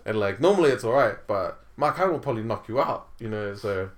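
A man's voice: on the low side, lively intonation, fairly quick. A man, chatting casually about tournaments he runs, telling stories with lots of fillers. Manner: laid-back storytelling with many fillers and laughs. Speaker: tournament organiser. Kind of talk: casual chat.

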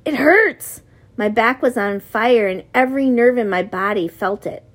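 A woman narrating a novel in the first person, in measured storytelling. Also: mid-range voice. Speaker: audiobook narrator.

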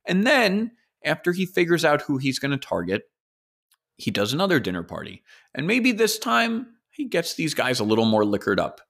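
A man's voice: a little high, huge pitch swings, normal speed, vocal fry, a bit bright. A man hosting a solo podcast, telling a story casually and speculating, with the odd curse. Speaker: podcast host.

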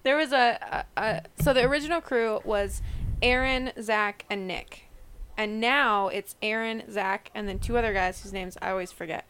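A woman's voice: mid-range voice, normal speed, a bit bright, clean tone. A woman co-hosting a podcast, chatting casually and laughing often. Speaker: podcast co-host. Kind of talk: casual chat, reacting to a show.

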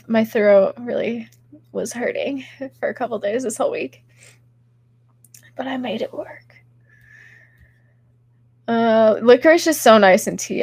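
A woman's voice: on the high side, a little mellow, dry recording. Giggly young woman with a sick stuffy voice. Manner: giggly, chatty, many fillers. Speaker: podcast host reading chat. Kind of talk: casual livestream chat.

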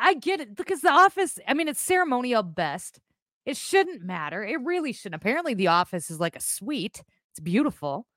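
A woman hosting a live podcast stream, chatting casually in a blunt, animated way, with rambling asides and swearing. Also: a little high, no room sound, studio quality. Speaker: podcast host.

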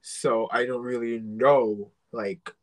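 A man's voice: mid-range voice, fairly even intonation, slow pace, poor audio. A man co-hosting a podcast in casual chat, hesitant and full of restarts. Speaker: podcast co-host.

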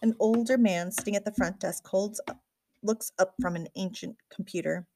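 A woman narrating a first-person audiobook with a lively, wry storytelling manner. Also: medium pitch, normal speed, slight background noise.

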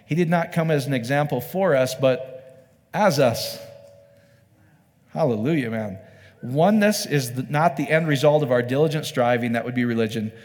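A man's voice: medium pitch, a little mellow. A man preaching a sermon in a loose, conversational way, often asking his listeners rhetorical questions. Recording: long reverb of a hall.

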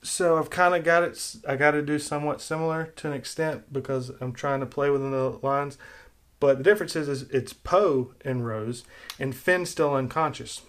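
A man casually talking through his own rewrite of a film plot, opinionated and rambling, getting animated when he criticizes. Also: on the high side, normal speed. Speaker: film commentator.

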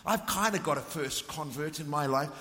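A middle-aged man from Africa, preaching a passionate sermon that swings from ringing emphasis to hushed intensity. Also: a little high, normal speed. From South Africa. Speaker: visiting preacher. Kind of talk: sermon with storytelling. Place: church hall. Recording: long reverb of a large hall.

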